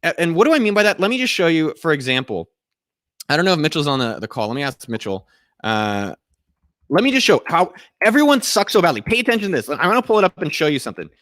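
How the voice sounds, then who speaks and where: A man hosts a casual live Q&A with a fairly high voice. He talks in a blunt, excitable way, swearing freely as he eggs his audience on. The sound is dry and close. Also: quick pace, no echo. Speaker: host.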